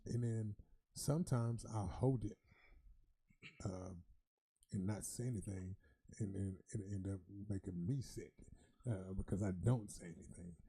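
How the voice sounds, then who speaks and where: A man co-hosting a podcast in a studio, talking in emotional bursts that get loud when he tells stories. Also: low-pitched, unhurried, long pauses, husky, no room sound. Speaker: podcast co-host. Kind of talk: casual podcast chat. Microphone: studio mic.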